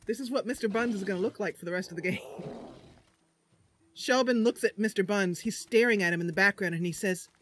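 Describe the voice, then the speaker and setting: A woman's voice: mid-range voice, fairly quick, fairly bright tone, a little hiss or hum. A woman streaming a roleplay game, chatting casually and laughing often.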